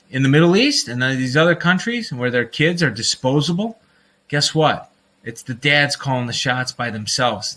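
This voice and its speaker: A man's voice: mid-range voice, sharp tone. A man hosting a casual livestream, talking in a rambling, fired-up way, often breaking into laughter and calling his listeners folks. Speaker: livestream host.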